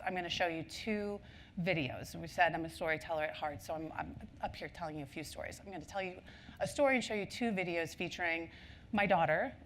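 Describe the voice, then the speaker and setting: A woman's voice: lowish voice, a little hiss or hum. A woman speaking at a marketing conference. She tells stories in a chatty way, with lots of ums and asides. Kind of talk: conference talk.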